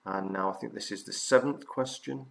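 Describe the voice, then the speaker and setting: A male teacher giving a recorded revision lesson, explaining patiently and haltingly with frequent fillers. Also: fairly low pitch, vocal fry.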